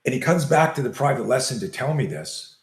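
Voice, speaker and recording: A man's voice: medium pitch, brisk. An older man, a self-defense coach, tells a long story in an interview and acts out the quoted lines as he goes. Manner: animated storyteller acting out quoted dialogue. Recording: roomy echo.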